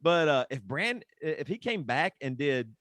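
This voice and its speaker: A man with a fairly high, very lively voice, spinning animated stories in a casual podcast chat. He laughs often and swears easily. The recording is dry and close. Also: moderate pace, no room sound. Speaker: podcast co-host or guest.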